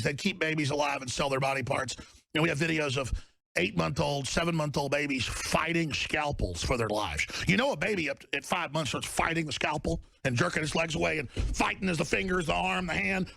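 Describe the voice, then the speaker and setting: Gravelly, bellowing ranting man. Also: fairly high pitch, brisk, no room sound. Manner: fiery, bellowing, swings into shouts. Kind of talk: angry ranting monologue.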